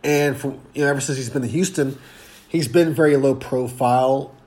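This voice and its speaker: A man's voice: mid-range voice, fairly even intonation, moderate pace, darkish tone. A man hosting a sports podcast, congested and nearly voiceless, talking casually with frequent ums and restarts. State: congested, losing his voice. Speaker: podcast host.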